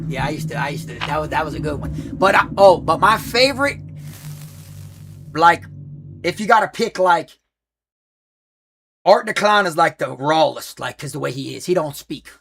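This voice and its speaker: With game music faintly behind him, this streamer chats casually, rambling through stories in slang and often restarting sentences. His voice is high and gravelly with a bright, forceful edge, animated, at a moderate pace, and broken by long pauses.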